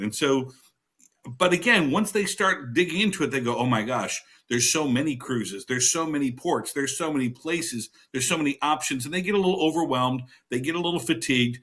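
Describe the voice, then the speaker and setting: A man with a bright, forceful voice, explaining travel tips with energy. He talks like an enthusiastic guest expert. His pitch stays in a mid range. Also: slightly rough. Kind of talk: TV interview advice.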